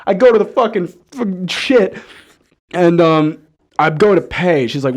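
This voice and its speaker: A man co-hosting a podcast, telling a story in a casual, animated way, swearing and laughing often. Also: high voice, a little slow. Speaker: podcast co-host. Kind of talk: casual chat.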